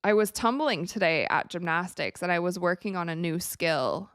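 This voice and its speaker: A young woman from the United States hosting a live watch party, chatting casually with viewers and reacting excitably to the game. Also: on the low side, moderate pace, clear, resonant tone, dry recording, studio quality. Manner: chatty, excitable, reads viewer messages aloud. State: tired, yawning.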